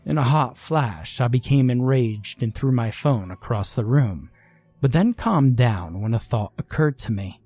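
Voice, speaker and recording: A man narrating a first-person horror story in a measured, scripted way. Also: mid-range voice, animated, mellow, no echo.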